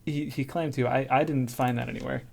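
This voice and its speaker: A man's voice: medium pitch, fairly even intonation, a little fast, vocal fry, a little mellow, a little hiss or hum. Laid-back man co-hosting a podcast. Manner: laughs often, reads source notes aloud between jokes. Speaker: podcast co-host. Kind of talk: casual chat.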